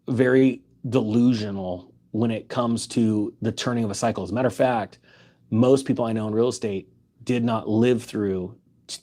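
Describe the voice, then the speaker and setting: A man's voice: fairly low pitch, dark tone. A man giving opinionated finance commentary, reading news items aloud and challenging them with emphatic rhetorical questions.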